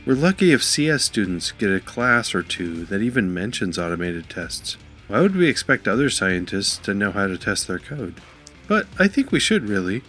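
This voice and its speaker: A man hosting a podcast about software testing and interviewing a guest in an upbeat way. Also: fairly low pitch. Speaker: podcast host.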